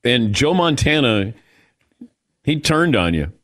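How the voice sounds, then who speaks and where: A man's voice: medium pitch, very animated, slow pace, a bit bright. A man hosting a sports talk radio show, laughing often and arguing back and forth with his co-hosts.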